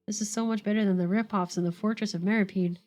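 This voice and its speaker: A woman's voice: mid-range voice, steady tone, fast, darkish tone, soft background music, natural voice. A woman voicing an earnest, remorseful young man who is an older brother, reading the lines aloud in her own voice.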